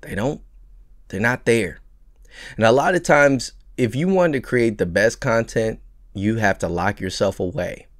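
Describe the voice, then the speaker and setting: A man's voice: on the low side, a little slow, dry recording, clean studio sound. A man with a New York accent, a truck driver vlogging casually to camera, stammering and restarting as he rants. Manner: animated, stammering restarts, mocking put-on voices. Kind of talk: casual vlog rant. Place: truck cab.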